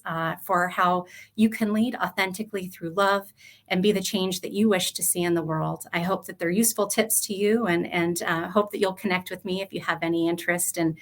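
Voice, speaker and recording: A middle-aged woman author speaking earnestly about parenting and her chapter, with frequent pauses and fillers over a video call. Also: fairly low pitch, fairly bright tone. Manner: earnest, halting with many fillers. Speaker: author guest. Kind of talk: personal talk about her book.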